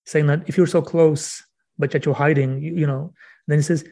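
A man's voice: a little high, darkish tone. Earnest man explaining poetry. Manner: earnest, repeats words while thinking, reads verse slowly. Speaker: guest author. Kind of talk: podcast interview, explaining poetry.

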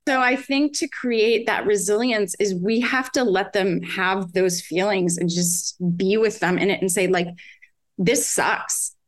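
A woman's voice: mid-range voice, a little slow. Earnest chatty mother, rambling. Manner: earnest, rambling with restarts and frequent "like". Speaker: podcast guest, mother. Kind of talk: casual conversation.

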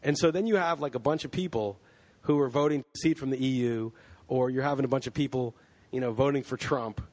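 A man's voice: mid-range voice, fast talker, darkish tone. Man ranting heatedly on a podcast. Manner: heated, ranting, swears freely. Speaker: podcast host. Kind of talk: casual chat.

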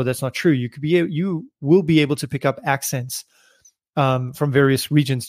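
A man's voice: medium pitch, dry recording, studio quality. A man hosting a solo podcast, talking casually and thinking aloud with frequent fillers and restarts. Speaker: podcast host.

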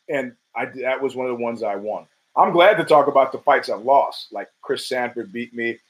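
A man's voice: medium pitch, fairly bright tone, poor audio. A man hosting his own podcast, talking in a casual, profane and rambling monologue with emphatic bursts. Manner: profane, rambling storytelling with frequent restarts. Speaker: podcast host.

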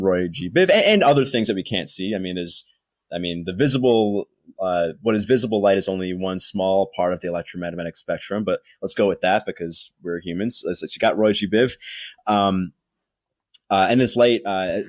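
Rambling man with a low, dry voice. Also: no echo. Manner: rambling, many fillers and restarts. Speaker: podcast host. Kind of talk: casual explanatory monologue.

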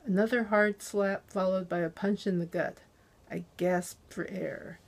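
A woman narrating a thriller audiobook in the first person, with a tense, unhurried delivery. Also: medium pitch, fairly even intonation, vocal fry.

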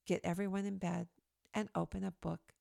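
A woman reading her own opinion essay aloud in an earnest, emphatic, steady way, recorded close to the mic. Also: lowish voice, normal speed, gravelly, no room sound.

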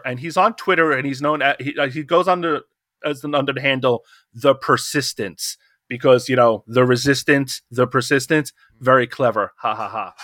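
A man's voice: a little high, a bit bright, no room sound. Middle aged guy on a podcast roundtable, worked up, keeps restarting sentences, dry sound. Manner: impassioned, rambling with restarts. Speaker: podcast co-host. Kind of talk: casual roundtable discussion.

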